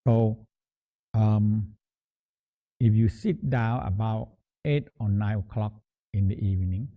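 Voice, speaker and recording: A man guiding a meditation practice in a halting, repetitive teaching manner, often restating words as he explains. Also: fairly low pitch. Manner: halting, repeats words, slow explanatory phrasing. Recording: tinny phone-like sound.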